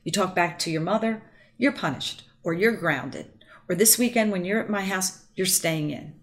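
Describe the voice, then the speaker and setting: A woman's voice: on the low side, normal speed, natural voice. A woman voicing a stern father who scolds his son in firm, clipped orders.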